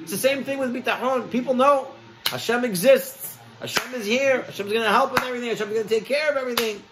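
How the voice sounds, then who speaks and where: A man with a high, bright-pitched voice delivers a sermon as a rabbi. He tells stories with energy and acts out the characters he quotes. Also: fast talker, rough recording.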